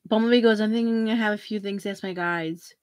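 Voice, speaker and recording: A woman's voice: mid-range voice, steady tone, fast, darkish tone, no echo, clean studio sound. A middle-aged woman hosting a free tarot reading livestream, chatting casually, giggling often and reading viewer comments aloud.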